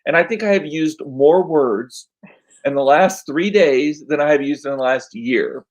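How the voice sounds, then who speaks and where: A man hosting a casual chat, rambling with lots of fillers, a bit hoarse as he loses his voice. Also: a little high, unhurried, poor audio. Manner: chatty, rambling with frequent fillers. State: losing his voice, coughing. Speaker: podcast host.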